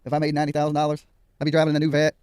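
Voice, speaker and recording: A man's voice: fairly high pitch, completely flat delivery, racing, a little mellow, a little hiss or hum. A man hosting a livestream in casual chat, joking, laughing often and swearing freely. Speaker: livestream host.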